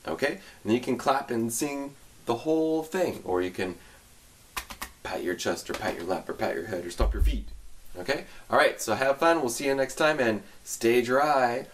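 A man's voice: mid-range voice, expressive, normal speed, a little hiss or hum. A man teaching a music lesson to young children online. He gives upbeat directions and sings the tune for them to repeat.

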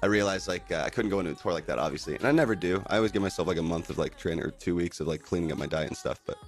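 A man on a relaxed livestream from home, greeting his viewers in an easygoing, upbeat way. His voice sits fairly low. Faint music plays behind him. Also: rapid-fire. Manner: laid-back and upbeat, full of "dude" and "man". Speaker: livestreamer and band singer. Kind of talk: casual livestream chat with viewers. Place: at home indoors.

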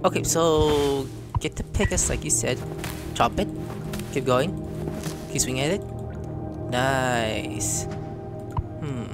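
A woman playing a video game and commenting excitedly, swearing and shrieking in surprise and reading the game's dialogue aloud. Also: rumbling low, takes it slowly, pauses often, loud music behind the voice. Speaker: gaming YouTuber.

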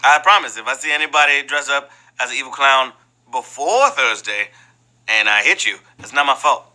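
A man's voice: mid-range voice, normal speed, sharp tone, rough recording. A man hosting a live trivia game show, playful and joking between questions and exclaiming often.

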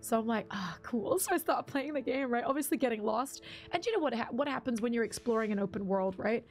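A woman's voice: on the high side, fast talker, soft background music. A woman streamer chatting casually while she plays, rambling through stories and laughing often. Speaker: game streamer. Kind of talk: casual live-stream chat while gaming.

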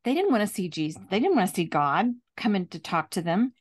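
A woman host speaks calmly and explains things at a measured pace. She teaches in a conversational chat, with her pitch in a middle range.

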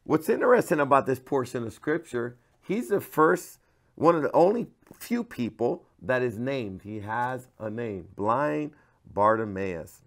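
Passionate pastor swinging hushed to loud. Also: male voice, mid-range voice, lively intonation, unhurried. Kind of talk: devotional sermon to camera.

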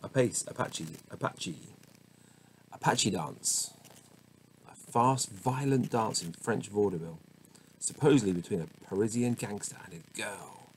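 Working casually through a dictionary word by word, a man with a lowish voice reads a little slowly, stumbling on pronunciations and muttering to himself. The recording is low quality, with faint background noise.

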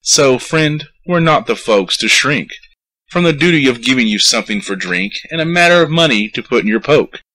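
A man's voice: mid-range voice, animated, moderate pace, bright, forceful tone, voice pushed up, low-quality recording. A man reading a poem aloud, voicing a greedy, blustering town mayor who raises his voice to wheedle and scold. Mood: wheedling. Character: scheming greedy town mayor, male, middle-aged. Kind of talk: poetry recitation.

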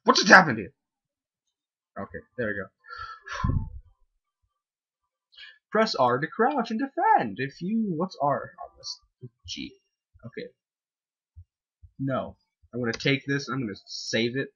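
Man, husky voice, gaming commentary, whoops and yells, bouncing pitch, muffled lo-fi recording. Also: slow pace, long pauses. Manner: excitable, whoops and yells at the game. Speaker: gamer playing a video game. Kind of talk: let's-play commentary.

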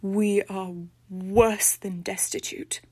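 A woman's voice: medium pitch, moderate pace, dry recording, close to an everyday voice. A woman voicing the prim, haughty spirit of an old-fashioned lady from a bog body, speaking with formal, peevish diction in a storybook reading. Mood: dismayed.

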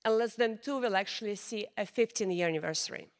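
A woman delivers a keynote speech about her own path. She speaks earnestly and with determination, her English slightly in its grammar. Her voice sits at an ordinary mid pitch for a woman. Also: fast talker. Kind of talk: keynote speech, personal storytelling.

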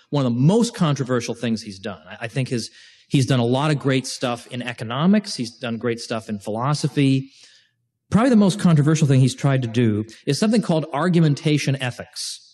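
Speaking in a mid-pitched voice, a man lectures a class in a relaxed, lively way, restarting sentences and tossing in jokes along the way.

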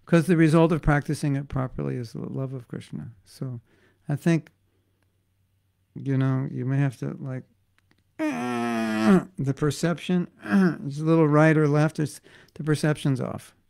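A middle-aged man teaches a devotional class in a loose, joking, conversational manner. His voice sits a bit high for a man and carries a steady gravelly fry. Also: moderate pace. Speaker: spiritual teacher.

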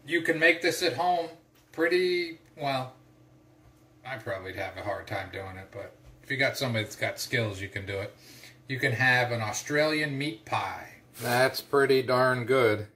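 A man's voice: mid-range voice, normal speed, bright, forceful tone, slight background noise. A middle-aged man hosting a casual cooking vlog, chatty and folksy, poking fun at himself. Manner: chatty, folksy, self-deprecating. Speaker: cooking vlogger.

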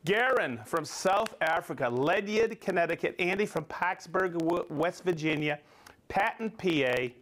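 Middle-aged male live-stream host, high-pitched, cheerful, rattles off viewer names and places. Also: expressive, unhurried, a bit bright. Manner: upbeat, reads off viewer names and places, stumbles over hard names. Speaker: livestream host.

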